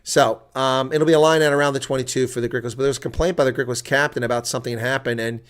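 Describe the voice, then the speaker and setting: American man, live reaction commentator, mid-pitched, excitable, shouts at big plays, talks to his viewers. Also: racing. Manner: chatty asides to viewers. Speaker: host.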